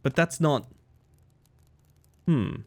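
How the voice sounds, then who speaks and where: A young man from Australia, a streamer talking casually with his chat, animated and swearing freely. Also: on the high side, drawn-out words.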